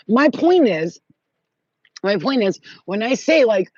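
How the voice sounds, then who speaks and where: A woman's voice: fairly high pitch, very animated, takes it slowly, a little mellow, breathy edge, no room sound. A woman vlogger talking in a blunt, profane, rambling casual monologue. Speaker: spiritual vlogger. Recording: dull lo-fi audio.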